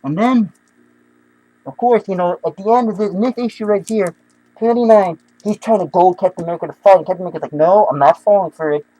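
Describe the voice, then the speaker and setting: Brief: young male comic fan, high mellow voice, gushing and rambling. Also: quick pace, dry recording, rough recording. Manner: excitable, rambling, many restarts and fillers. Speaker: comic book reviewer. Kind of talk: casual comic book review.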